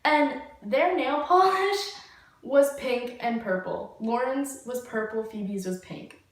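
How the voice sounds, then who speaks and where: A woman's voice: high voice, slow pace. A young woman telling a story casually, rambling, full of "like" and swearing. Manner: rambling, heavy use of "like" and swearing. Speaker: vlogger. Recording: very echoey room, distant mic.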